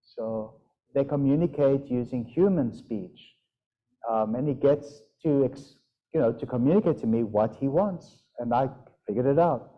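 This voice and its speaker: A man leading a casual group discussion, talking in an animated way and imitating his pets' sounds. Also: mid-range voice, unhurried, highs cut off. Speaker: group leader.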